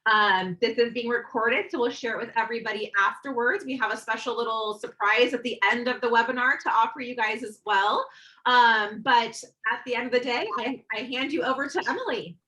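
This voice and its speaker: Bright-voiced woman webinar host. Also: on the high side, brisk, rough recording. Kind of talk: webinar introduction.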